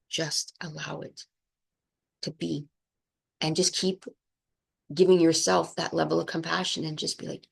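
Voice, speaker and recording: A woman with a lowish, gravelly voice leads a spiritual energy talk. She speaks softly and flowingly, often checking in with "right?". She is moved, close to tears. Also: moderate pace. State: emotional, near tears. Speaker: spiritual channel host.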